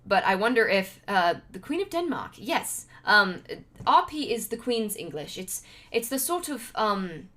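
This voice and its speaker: A woman's voice: mid-range voice, very animated, a little slow, fairly bright tone. A young woman from Utah, a streamer chatting casually to her livestream, rambling with lots of fillers and restarts. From Utah, United States. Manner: rambling, with many fillers and restarts and frequent laughs.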